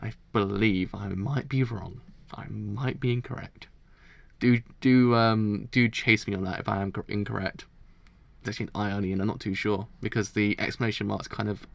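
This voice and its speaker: Gravelly man reading manga notes aloud. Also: on the low side, fairly even intonation, normal speed. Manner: stumbles over words and corrects himself; chatty and self-deprecating. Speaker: manga reaction channel host. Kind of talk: casual reading and commentary.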